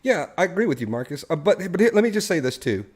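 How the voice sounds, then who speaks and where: A man's voice: a little high, very animated, fast talker, darkish tone. A man hosting a casual live-stream discussion, telling a story and putting questions to his co-hosts and the chat. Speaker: live show host.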